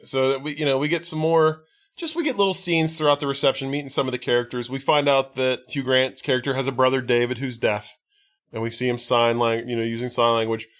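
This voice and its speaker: A podcast host casually recaps a film's plot, rambling with lots of "likes," filler words and restarts. His mid-range voice is steady in tone, slightly bright, and a little fast.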